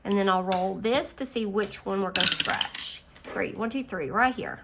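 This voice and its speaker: A woman hosting a casual budgeting video, chatting and counting her savings out loud, easily amused. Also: mid-range voice, moderate pace, gravelly. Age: adult. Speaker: budgeting channel host. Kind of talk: casual chat while scratching savings challenges. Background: faint engine noise from a utility vehicle outside.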